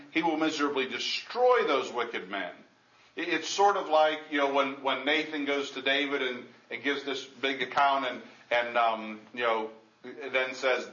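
A man's voice: mid-range voice, unhurried, bright, forceful tone. A man preaching a Bible-teaching sermon in a conversational way, with frequent restarts, reading scripture aloud in old formal wording. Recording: echoey, dull lo-fi room recording.

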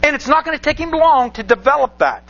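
High, bright-voiced male preacher. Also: lively intonation, fast, vocal fry, dull audio, faint music behind. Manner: rhetorical questions, repeats phrases for emphasis. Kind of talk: sermon with scripture reading.

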